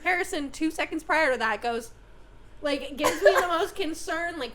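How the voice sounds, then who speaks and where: A young woman chatting casually as a podcast guest. She is giggly, swears casually and is quick to correct the host. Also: high-pitched, noisy background. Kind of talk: casual chat.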